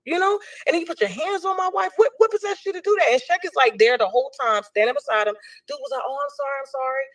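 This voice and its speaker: A woman's voice: high-pitched, lively intonation, quick pace. A woman, animatedly recounting an incident and acting out the voices of people in it. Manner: acts out quotes in shifting voices. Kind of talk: animated storytelling.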